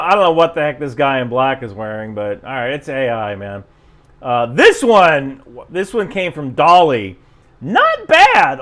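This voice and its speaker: A man's voice: mid-range voice, a bit bright. A man from New Jersey with a General American accent, still touched by New Jersey, giving rambling casual commentary and chuckling often. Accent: General American, softened New Jersey. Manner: chuckling, rambling, self-interrupting. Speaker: YouTube commentator.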